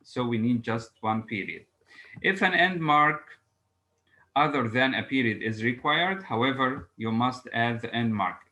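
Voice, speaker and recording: A man teaching an English grammar lesson, reading example sentences aloud slowly and pausing often with "uh". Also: medium pitch, sharp tone, poor audio. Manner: halting, frequent "uh" fillers, reads examples aloud slowly.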